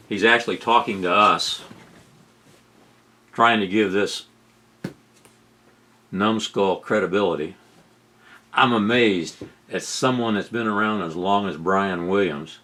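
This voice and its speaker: Sarcastic, incredulous male commentator. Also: lowish voice. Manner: sarcastic, incredulous, rising to loud outbursts. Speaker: commentary host. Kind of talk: political commentary over video clips.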